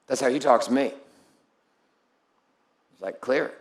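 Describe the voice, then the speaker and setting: A man delivers a live motivational speech to his group, blunt, intense and profane, calling people out by name. His mid-range voice is unhurried and sounds as if in an echoey room.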